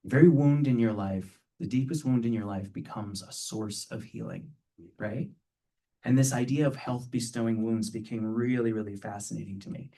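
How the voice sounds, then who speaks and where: A man's voice: mid-range voice, moderate pace, dark tone, recorded from a distance. A man giving a conversational spiritual talk to a live audience, playful and earnest, often checking in with a rhetorical "right?".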